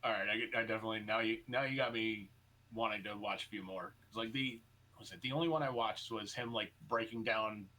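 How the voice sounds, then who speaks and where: A man co-hosting a podcast in casual chat, rambling with halting restarts and loose swearing. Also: lowish voice, sharp tone. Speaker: podcast co-host.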